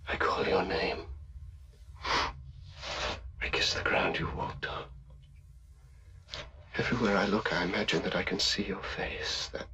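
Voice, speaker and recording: An actor playing a lonely, lovesick young writer who speaks in an intense, pleading, often whispered way. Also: male voice, low-pitched, fairly even intonation, takes it slowly, long pauses, bright, forceful tone, full character voice. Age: young adult. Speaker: actor in a film. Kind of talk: 1960s film drama acting.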